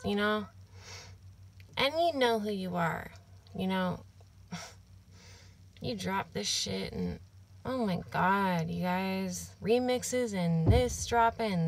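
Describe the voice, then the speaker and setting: A young woman with a gravelly, fry-laden voice rambles straight to camera from her apartment. She vents in loose, filler-heavy run-on talk, swearing freely. Her pitch sits in an ordinary middle range for a woman. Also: no room sound.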